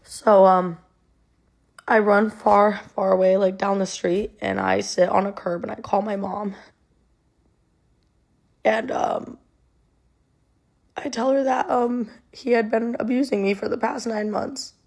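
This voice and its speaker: A woman's voice: medium pitch, animated, takes it slowly, creaky, long pauses, darkish tone. A young woman telling a personal story in a conversational way, with many ums and likes, her voice sounding emotional and near tears.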